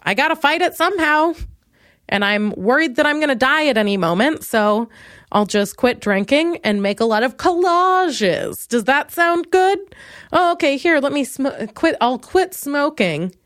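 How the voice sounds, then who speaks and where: A woman's voice: animated, a little slow, dry recording, clean studio sound. A woman in her twenties from Minnesota, hosting a comedy podcast and rambling in a self-deprecating way. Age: 20s. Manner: rambling and self-deprecating, swings from low mumbles to loud bursts. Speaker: podcast host. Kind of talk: comedic solo podcast monologue.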